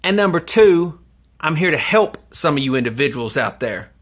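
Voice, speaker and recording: A man mocking someone in slow, drawn-out commentary. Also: on the high side, sing-song, fairly bright tone. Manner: taunting, drawn-out, laughing between lines. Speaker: YouTube commentator.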